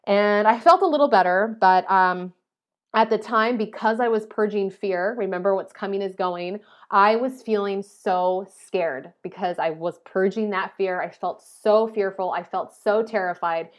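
A young adult woman vlogging, telling a personal story in a chatty, animated way and often saying "like". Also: mid-range voice, a little slow. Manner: animated, chatty, heavy use of "like".

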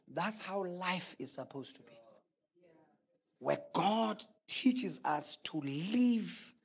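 A man's voice: high-pitched, expressive, slow pace, creaky, slightly rough. A male preacher delivering a sermon emphatically, asking rhetorical questions.

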